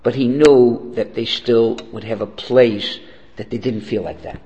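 A man's voice: medium pitch, steady tone, a little slow, dark tone, in a large hall, muffled recording. A man giving a Torah lesson in a conversational way, asking rhetorical questions and telling a joke along the way. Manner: conversational, asks rhetorical "okay?". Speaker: Torah teacher. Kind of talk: lecture with story and jokes.

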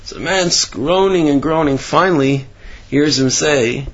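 A man giving a Torah class sermon with animated storytelling, rising in pitch for emphasis. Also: a little slow, highs cut off. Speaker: religious teacher.

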